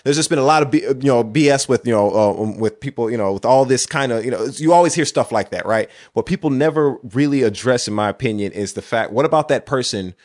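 A man's voice: medium pitch, fast, hardly any pauses, a little mellow. A man co-hosting a casual podcast, rambling through his points with lots of "you know" and "right" and getting worked up as he argues. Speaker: podcast co-host.

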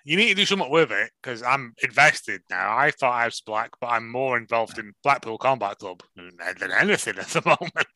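Guy on a podcast, bouncy pitch, bright tone, animated, dry sound. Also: a little fast, few pauses, no room sound. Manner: animated, swearing, restarts and laughs. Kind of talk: casual wrestling chat.

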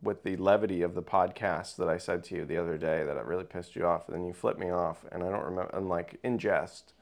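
A man's voice: deep voice, fairly even intonation, fast. A young man co-hosting a casual podcast, rambling and joking at his own expense. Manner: rambling, self-mocking, jokey. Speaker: podcast co-host.

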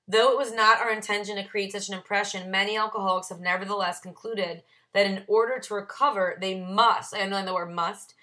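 Woman, bright ringing tone, study group leader, reads a passage then comments on it. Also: mid-range voice. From Ohio, USA. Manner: reads passages then explains her own notes. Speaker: AA Big Book study leader. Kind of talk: reading aloud and commenting on a text.

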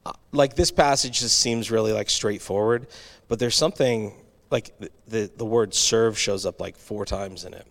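A man's voice: fairly low pitch, moderate pace. A male pastor delivering a sermon in a conversational way, with restarts and asides to the congregation.

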